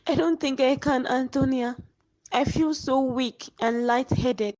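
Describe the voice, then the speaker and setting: A woman's voice: high-pitched, a little mellow, no room sound, low-quality recording. A woman voicing a dying young woman in a cartoon drama, weak and remorseful, speaking faintly. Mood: weak tender. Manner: faint, slow farewells.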